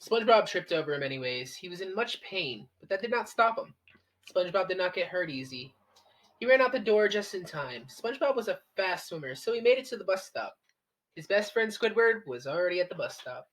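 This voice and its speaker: Woman reading aloud with lively pitch. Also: brisk, rough recording. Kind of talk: casual reading aloud with friends.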